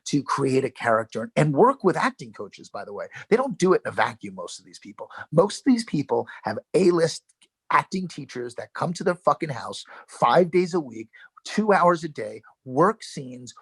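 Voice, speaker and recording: A middle-aged man with a New York accent and a gravelly, husky voice, spinning animated stories in a casual interview. He swears freely, restarts his sentences often and keeps going without pause. The sound is dry and close. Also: on the high side, no room sound. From Yonkers, New York. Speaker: actor guest.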